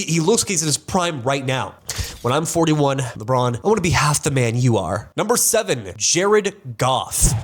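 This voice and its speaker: A young man hosting a sports countdown, in casual, joking commentary that rambles and restarts often. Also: mid-range voice. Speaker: sports channel host.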